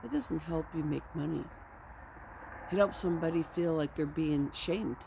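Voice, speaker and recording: A woman's voice: low voice, moderate pace, gravelly, background noise. A woman coach giving an earnest, affirming motivational vlog talk from her ranch home, rambling and repeating phrases. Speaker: health and communication coach.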